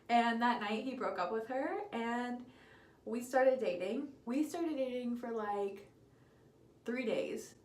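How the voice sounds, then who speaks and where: A woman's voice: a little high, slow, echoey room. A young woman casually telling a story while doing her makeup, candid and giggly, swearing freely. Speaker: beauty vlogger.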